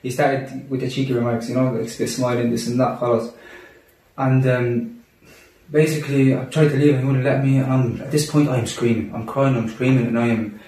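A young man telling a personal story in casual talk among friends, animated and full of restarts. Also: mid-range voice, fairly quick. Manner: animated, acts out quotes, many restarts. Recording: roomy echo, distant mic.

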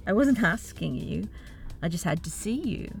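A woman's voice: lowish voice, very animated, normal speed, vocal fry, faint music behind. A woman voicing a charming, teasing male god of revelry in an audiobook. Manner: teasing, indulgent, chuckling. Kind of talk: audiobook character reading.

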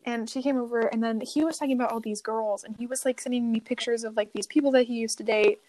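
A woman's voice: on the high side, fairly even intonation, fast talker, a little mellow. A teenage girl chatting with her friend in a slangy, laugh-filled way. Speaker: guest. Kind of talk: casual chat.

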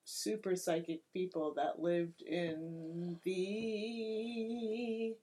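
Husky woman riffing playfully. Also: on the low side, steady tone, drawn-out words, dark tone. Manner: playful, laughs often, riffs on jokes. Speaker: podcast co-host. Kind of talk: casual comedic chat.

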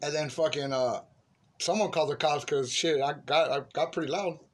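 Profane, animated man telling a story. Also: a little high, moderate pace. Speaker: storyteller among friends. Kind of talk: casual chat. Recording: noisy room recording.

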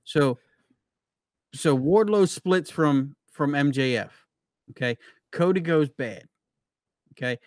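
A man's voice: a little high, lively intonation, slow pace, long pauses, dry recording, clean studio sound. A man co-hosting a wrestling podcast, steering the casual chat with questions to the others. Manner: leads the talk, asks questions to the others.

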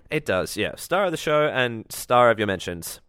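A man co-hosting a casual podcast recap, agreeable and quick to affirm. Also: medium pitch, sing-song, smooth. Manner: agreeable, warm affirmations, restarts mid-sentence. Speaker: podcast co-host.

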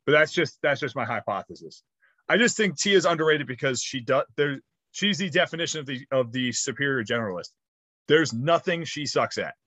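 Casting note: man in his thirties, bright forward voice, loose animated podcast chatter, dry close mic. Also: medium pitch, fairly quick, husky, no echo. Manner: rambling, animated storytelling with swearing. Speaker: podcast co-host. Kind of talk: casual chat.

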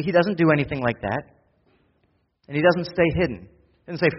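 A pastor preaching a sermon, swinging from loud, quick urgency to hushed, slow intimacy. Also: male voice, a little high, slightly rough, long reverb tail, muffled recording. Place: church.

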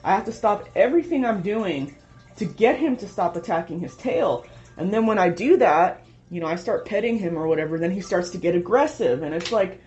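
A woman's voice: mid-range voice, lively intonation, brisk, darkish tone, faint music behind. A young woman venting at home in a rambling, frustrated way, swearing often. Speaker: vlogger. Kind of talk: casual venting monologue. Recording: dull lo-fi home recording.

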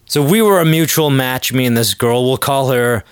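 A man hosting a podcast, delivering a crude, joking solo monologue with sudden loud exclamations. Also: medium pitch, moderate pace, clean tone, no echo, clean studio sound. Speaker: podcast host. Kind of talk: casual comedic monologue.

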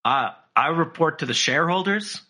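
A man talks casually on a podcast and tells a story full of swearing, mocking the people he quotes in put-on voices. His voice is husky yet bright, and his pitch swings widely as he gets worked up. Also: lively intonation, normal speed.

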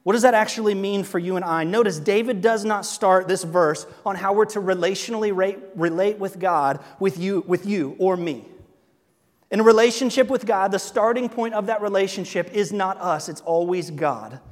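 High-voiced preacher in an echoing hall. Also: male voice, normal speed. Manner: animated, conversational preaching with laughs and asides. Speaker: pastor. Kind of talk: sermon. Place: church sanctuary. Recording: long reverb of a large hall.

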